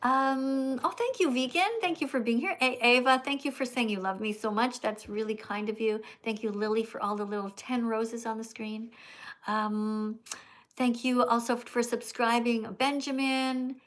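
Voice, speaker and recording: A woman's voice: on the high side, steady tone, normal speed, a bit bright. A middle-aged American woman hosting a livestream in casual chat, emphatic and scolding, repeating herself. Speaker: livestream host.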